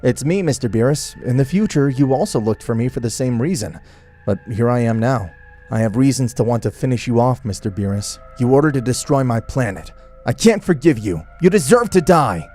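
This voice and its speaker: A man plays an eager young warrior hero, earnest and excitable, with a mellow tone. The lines are read over faint music in a plain fan-narration style. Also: medium pitch, fairly quick, close to an everyday voice.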